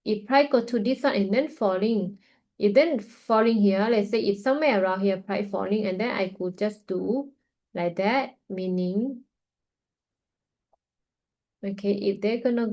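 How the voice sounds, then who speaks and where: Hosting a trading webinar, a woman gives live market analysis while watching the charts, thinking aloud casually with many fillers and loose grammar; she sounds tired and yawns. Her mid-range voice has a dark tone, and the recording is low quality.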